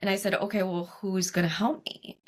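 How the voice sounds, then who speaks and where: A woman guest in a casual interview, telling her story animatedly and acting out her own past dialogue with lots of quick "like" asides. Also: medium pitch, flat delivery. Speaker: guest, cancer coach.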